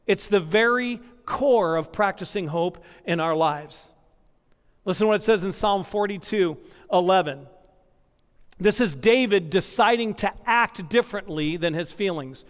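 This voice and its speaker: A man's voice: high-pitched, moderate pace, clear, resonant tone. A man preaching a sermon as pastor, building points through repetition and personal stories. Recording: long hall reverb.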